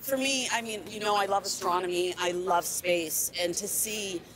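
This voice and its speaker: A woman's voice: medium pitch, fairly even intonation, moderate pace, fairly bright tone, rough recording. A woman eclipse chaser interviewed live, tearful and emotional as she talks.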